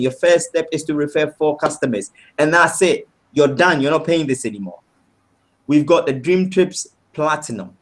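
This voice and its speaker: On a webinar, a man delivers an upbeat, persuasive sales pitch, frequently tossing in "right?" and addressing his audience as "guys."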